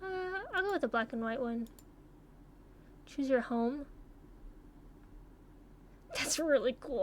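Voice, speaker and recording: A young woman chatting casually as she takes online quizzes, swearing freely and thinking out loud. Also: sits high, expressive, slow pace, long pauses, a little hiss or hum. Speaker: YouTuber taking online quizzes. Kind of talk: casual commentary while playing.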